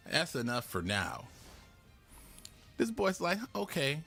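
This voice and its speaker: A man streaming a card game live, loud and playful, laughing and breaking into sudden high shouts and mock-preachy lines. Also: huge pitch swings, slow, gravelly, soft background music. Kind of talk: live gameplay commentary.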